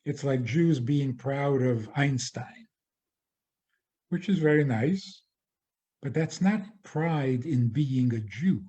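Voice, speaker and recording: A male rabbi lecturing at a very slow, deliberate pace. His tone is mellow and dark. He talks in a measured way and often circles back to repeat a phrase. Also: mid-range voice, expressive, dull audio. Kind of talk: spoken lecture.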